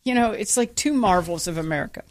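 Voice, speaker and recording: A woman co-hosting a radio talk show, swapping stories in loose, casual chat. She acts out the quotes in her anecdotes with lively energy, and her voice sits mid-range for a woman. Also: medium pitch, fast talker. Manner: animated storyteller, acts out quotes.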